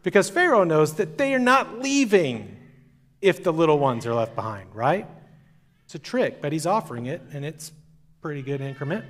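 A conference speaker gives a sermon, retelling the story in a casual, conversational way, his slightly high voice expressive and unhurried with long pauses. The recording carries long hall reverb.

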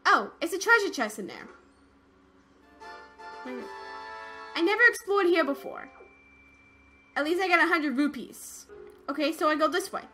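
A young woman giving casual let's-play commentary, excitable and easily scared, with squeals and laughs. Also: high voice, unhurried, long pauses, soft background music.

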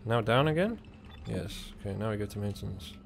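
A man giving jokey let's play commentary, breaking into loud swearing outbursts when startled. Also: on the low side, animated, a little fast, gravelly, very noisy. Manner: jokey self-mocking chatter. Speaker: gaming YouTuber.

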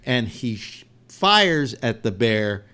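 Animated male talk-show host. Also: mid-range voice, slow pace, clean tone. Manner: animated, laughing storyteller. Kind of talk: telling a long joke to a panel.

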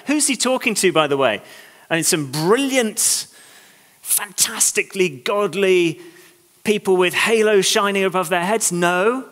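A man preaching a sermon, reading scripture aloud and then urging his congregation on with animated, exhorting emphasis. His voice sits a little high and sounds bright and forceful. The sound carries the long reverb of a large church hall. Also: unhurried.

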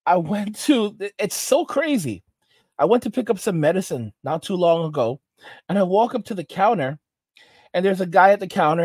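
On a commentary channel, a high-pitched man delivers a reaction monologue, telling stories haltingly with lots of restarts and rambling while preaching about manners. The recording is dry.

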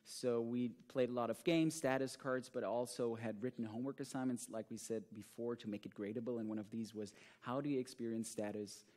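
A man's voice: mid-range voice, steady tone, brisk, few pauses, a little mellow. A man teaching improv, explaining his prison class to a conference audience in an earnest way. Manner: earnest explaining, reads student quotes aloud. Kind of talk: conference talk.

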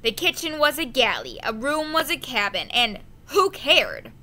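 A woman narrates a storybook at an unhurried pace, her voice bright and a touch high. She reads carefully and now and then stumbles over a word before correcting herself. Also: very animated. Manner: slow, careful reading with small slips. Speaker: audiobook reader.

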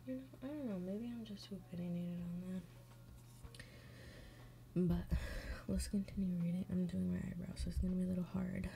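A woman with a low, gravelly voice and a very dark, mellow tone gives blunt, profane running commentary. She chats casually while doing her makeup, reading stories aloud and dropping into mumbles under her breath. She sounds like the host of an advice show. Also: steady tone, fairly quick, pauses often, a little hiss or hum.

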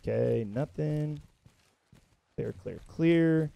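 A young man giving excitable, profane gameplay commentary, breaking into yelps and shouts as he plays. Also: a little high, takes it slowly, creaky, dry recording, muffled recording. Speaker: gaming content creator.

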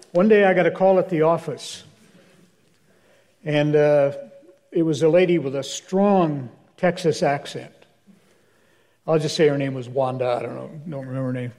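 A man's voice: fairly high pitch, normal speed, darkish tone. Older man telling wry church anecdotes. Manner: wry anecdotal storyteller, acts out dialogue. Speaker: guest speaker, minister. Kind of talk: storytelling in a church Q&A. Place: church hall.

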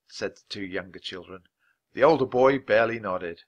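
A man reading a children's chapter book aloud for language learners, clear and measured. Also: low voice. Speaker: storybook reader. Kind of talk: scripted narration for language learners.

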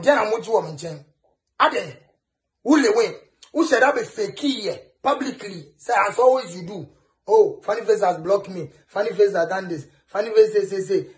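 A Ghanaian man ranting in a taunting way, mixing English, pidgin and Twi. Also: sits high. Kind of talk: ranting video message.

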